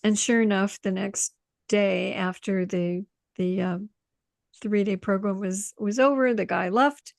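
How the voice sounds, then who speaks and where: Animated woman telling a story. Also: mid-range voice, unhurried, gravelly, no echo, studio quality. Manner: animated storyteller, acts out quotes, laughs often. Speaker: intuition coach. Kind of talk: casual conversation.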